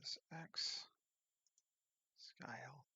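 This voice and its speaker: A man's voice: very slow, pushed and bright, dry recording. A man working on a 3D scene who thinks aloud, muttering half-finished commands to himself.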